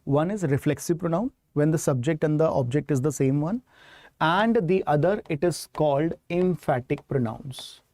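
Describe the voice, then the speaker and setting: A man with an Indian English accent teaches grammar to exam students online. His voice sits a little high but sounds mellow and soft-edged. It comes across close and dry, with no room around it. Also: no echo. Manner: explains step by step, asks students to confirm.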